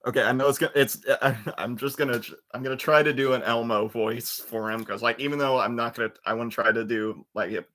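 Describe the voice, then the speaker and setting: A man's voice: medium pitch, fairly even intonation, fast, few pauses, bright, forceful tone. A man in his twenties hosting a livestream, chatting casually and rambling, with lots of restarts into a computer mic. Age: 20s. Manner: rambling, with restarts and trailing fillers. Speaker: livestream host. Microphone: computer webcam mic.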